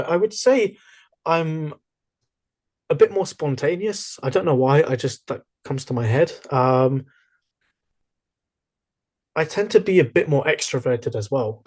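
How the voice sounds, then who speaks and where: Animated young man telling stories. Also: fairly high pitch, normal speed, slightly rough. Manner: chatty, animated storytelling with many fillers and restarts. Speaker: podcast guest. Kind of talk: casual interview chat.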